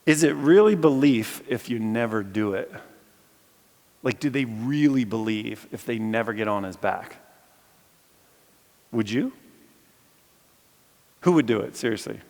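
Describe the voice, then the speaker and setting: Male campus preacher, lively storyteller, medium voice, reverberant auditorium sound. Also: mid-range voice, measured pace, long pauses. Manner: animated storyteller, jokes with audience. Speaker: campus chapel speaker. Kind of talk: sermon. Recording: long reverb of a large hall.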